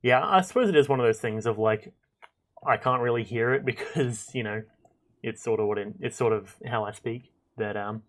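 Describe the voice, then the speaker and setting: A young man streaming a game, chatting casually and thinking out loud with lots of fillers and restarts. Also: medium pitch, normal speed. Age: young adult. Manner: rambling, chatty, thinks aloud with many fillers. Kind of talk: casual gameplay commentary.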